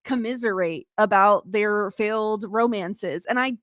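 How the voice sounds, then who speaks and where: A woman co-hosting a podcast, chatting casually about a film in an animated, playful, emphatic way. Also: mid-range voice, a little slow, no room sound, studio quality. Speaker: podcast co-host. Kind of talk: casual chat.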